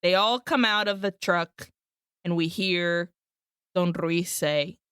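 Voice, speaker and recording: A woman's voice: on the low side, fairly even intonation, takes it slowly, fairly bright tone, clear, resonant tone, no room sound, clean studio sound. A woman co-hosting a podcast, animatedly retelling a film plot in casual chat, laughing often and swearing freely, with Spanish words mixed into her English. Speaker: podcast co-host.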